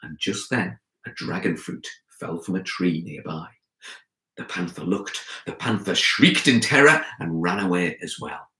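Animated male storyteller, echoey room. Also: sits low, measured pace. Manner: animated, expressive, speaks to listeners directly. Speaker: children's author and storyteller. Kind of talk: storytelling for children.

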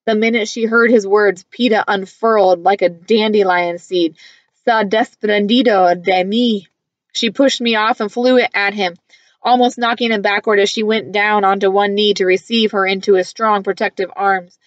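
A woman reading a first-person novel aloud in a measured, earnest storytelling manner. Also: medium pitch, steady tone, dry recording, lo-fi sound. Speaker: audiobook reader.

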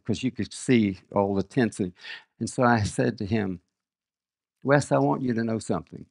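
Preaching as a guest, an older man mixes scripture readings with sincere tales of his own family. His voice sits on the low side with a creaky quality.

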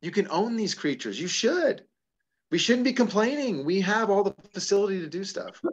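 Animated storytelling man host. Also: sits high, moderate pace. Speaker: host answering member questions. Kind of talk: casual advice talk.

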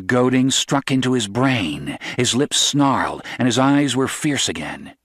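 A man reads a novel aloud as an audiobook narrator, measured and steady, at an ordinary middle pitch. The sound is dry and close, with no room sound or echo.

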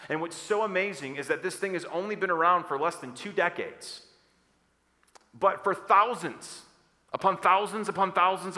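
Bright-voiced male pastor preaching. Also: high voice. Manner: energetic preaching, call-and-response with the congregation. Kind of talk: sermon. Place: church hall. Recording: long church hall reverb.

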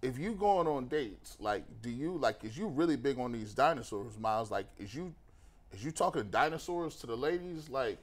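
A man's voice: medium pitch, expressive, moderate pace. A man co-hosting a casual sports talk show with playful ribbing. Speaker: co-host.

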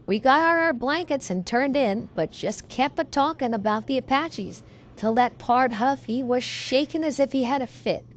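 An audiobook reader with a high-sitting, everyday-sounding voice at a moderate pace reads a western yarn. She voices a folksy male cowboy spinning a tall tale in a leisurely, drawling frontier dialect.

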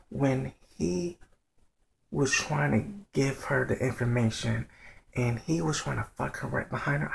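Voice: medium pitch, creaky, a little hiss or hum, poor audio. A vlogger whispering at home late at night, giving a blunt, profane review of a TV episode. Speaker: show reviewer.

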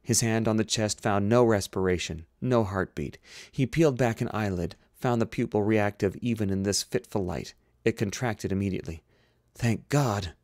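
A man's voice: fairly low pitch, moderate pace, a little mellow, no echo, studio quality. A man reading a science fiction novel aloud, now and then stopping to reread a slipped line. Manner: reads, stops and rereads slipped lines. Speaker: audiobook reader. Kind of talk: amateur audiobook narration.

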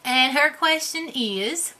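Lady putting on a slow drawling gal, goofy and bragging, bright high voice. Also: expressive, full character voice. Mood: playful. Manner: rambling, self-mocking, folksy grammar. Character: goofy, boastful rural hillbilly woman. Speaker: vlogger answering viewer questions. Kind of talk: comedic character vlog.

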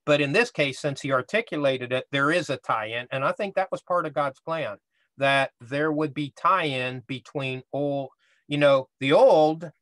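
Higher-voiced man teaching a Bible class. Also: a little slow, a bit bright, no echo. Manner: conversational, explains step by step, asks "right?".

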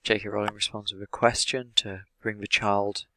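A man with an English accent, an English teacher explaining the language of an interview in a measured way, with many "sort of" fillers. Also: fairly low pitch, flat delivery, sharp tone, dry recording. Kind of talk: explanatory lesson analysing an interview.

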